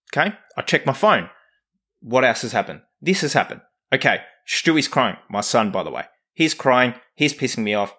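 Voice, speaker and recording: A man's voice: mid-range voice, a bit bright. A man hosting a podcast who talks candidly and emphatically, swearing freely and questioning himself as he goes. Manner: profane, emphatic, self-questioning. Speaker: podcast host and coach. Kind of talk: candid motivational monologue.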